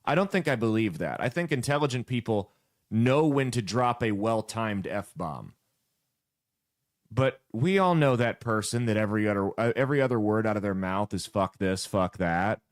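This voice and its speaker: A man's voice: fairly low pitch, lively intonation, moderate pace. A man from the American Midwest delivers casual political commentary in a blunt, sarcastic way. His voice rises and falls a lot as he talks.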